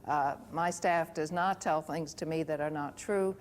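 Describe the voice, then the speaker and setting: A woman, a state governor, replying in a televised debate in a measured way with frequent hesitations. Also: deep voice, fairly even intonation, slight background noise. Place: TV studio.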